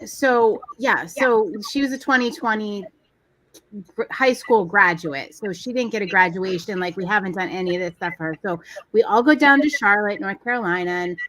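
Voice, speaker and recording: A woman co-host in her forties, talking casually and telling stories with lively energy. She acts out what others said as she goes. Her voice is dry and close, with little room sound. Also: mid-range voice, normal speed, no room sound. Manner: animated storytelling, acts out quoted people. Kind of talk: casual chat.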